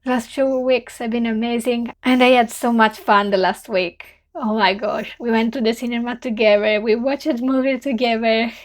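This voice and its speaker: Earnest young Italian woman, bright voice. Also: a little high, steady tone, moderate pace, few pauses. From Italy. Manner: earnest, heartfelt, simple non-native phrasing. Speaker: vlogger. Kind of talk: reflective farewell vlog.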